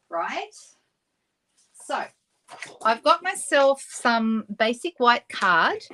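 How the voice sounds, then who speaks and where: Here an Australian woman runs a live papercraft demo, her mid-range voice fairly bright over a slight hiss or hum. Laughing frequently, she responds to viewer comments in a casual way and offers playful apologies.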